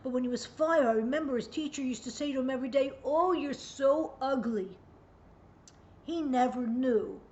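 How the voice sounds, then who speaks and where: A woman's voice: high-pitched, a little mellow. A woman in her sixties giving a direct-to-camera parenting lesson, earnest and emphatic, sometimes acting out parent and child voices. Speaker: parenting educator. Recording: dull lo-fi sound, faint background hum.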